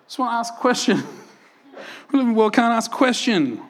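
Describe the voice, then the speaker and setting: A man with a high voice preaches to his congregation in a lively, animated way. He fires off rhetorical questions and laughs often between his points. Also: a little fast, pauses often. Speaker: pastor. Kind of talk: sermon. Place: church.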